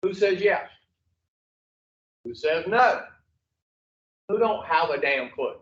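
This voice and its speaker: A man's voice: high voice, expressive, takes it slowly. A man teaching an addiction recovery class, blunt and profane, quizzing the group and drawing answers back from them. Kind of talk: classroom teaching with call-and-response. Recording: echoey room, far from the mic, dull lo-fi.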